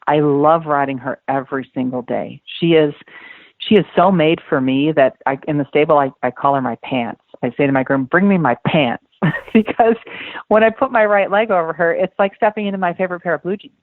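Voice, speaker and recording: A woman in her fifties, a dressage rider, appears as a guest on a podcast interview, heard over a phone-like line in a dry recording. Her voice is low and brisk, and she speaks earnestly and emphatically, repeating words.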